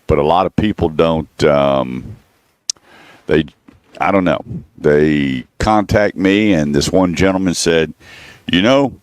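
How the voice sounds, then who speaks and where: A man's voice: extremely low pitch, slow, smooth, no echo. A man hosting a radio talk show, telling stories and acting out both sides of past conversations. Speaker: radio show host, car-buying advisor. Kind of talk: casual radio talk, storytelling with quoted callers.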